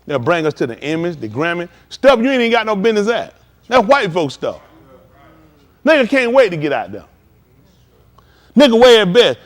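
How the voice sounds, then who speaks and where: A man preaching a live-streamed sermon in loose, slangy street talk, animated and emphatic. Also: sits high, moderate pace, long pauses.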